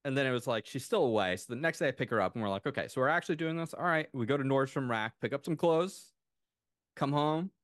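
A man in his thirties chatting on a podcast, telling a long story with enthusiastic, animated asides. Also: medium pitch, quick pace, no echo, clean studio sound. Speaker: podcast co-host. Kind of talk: casual chat.

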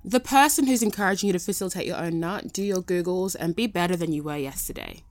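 A woman's voice: on the low side, fast talker, dry recording, faint music behind. A woman co-hosting a podcast, chatting casually and laughing often. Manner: giggly, chatty. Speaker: podcast co-host. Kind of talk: casual chat.

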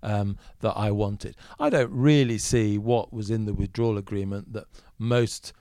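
A man in a podcast interview, answering as a political commentator in a measured, thoughtful way with frequent fillers. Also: fairly low pitch, fairly even intonation, dark tone, no echo, studio quality.

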